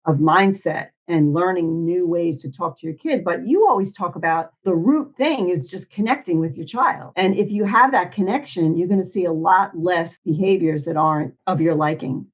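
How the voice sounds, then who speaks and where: Female host, encouraging, lower pitch, lo-fi recording. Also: moderate pace, hardly any pauses. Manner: encouraging, with short affirmations. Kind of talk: casual interview chat.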